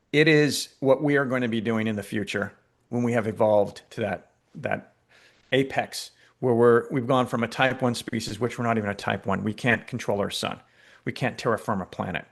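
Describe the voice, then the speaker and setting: A filmmaker being interviewed, telling stories in a lively, conversational way with frequent fillers and restarts. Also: male voice, medium pitch, normal speed. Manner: animated storyteller, many restarts and fillers. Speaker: filmmaker guest.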